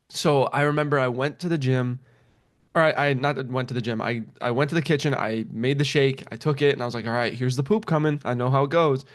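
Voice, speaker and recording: This young man has a mid-range voice and tells a story in a casual chat. Animated throughout, he often swears and laughs as he acts out what people said.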